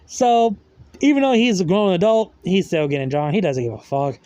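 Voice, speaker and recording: A man's voice: high-pitched, moderate pace, dark tone, dry recording, muffled recording. A man casually retelling a fan story in a rambling way, full of fillers and loose grammar.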